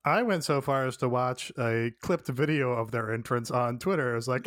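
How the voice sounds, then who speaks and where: A man with a middle pitch chats about wrestling on a podcast. He jokes wryly and acts out quotes. The sound is dry and close. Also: animated, normal speed, hardly any pauses, a bit bright, no echo. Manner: wry, joking, acts out quotes. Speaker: podcast co-host. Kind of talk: casual wrestling recap chat.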